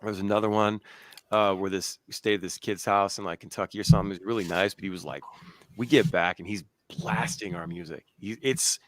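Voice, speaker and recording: A man's voice: sits low, fairly even intonation, a little fast, a bit bright. A man in his thirties hosting a podcast, rambling through road stories in a casual, swearing way. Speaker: podcast host. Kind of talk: casual chat.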